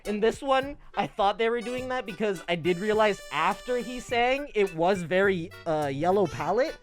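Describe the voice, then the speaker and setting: A man chatting casually to his stream audience, talking in an animated way with lots of swearing and acting out dialogue in quick bursts. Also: high voice, soft background music. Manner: animated, profane, acts out quoted dialogue. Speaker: livestreamer.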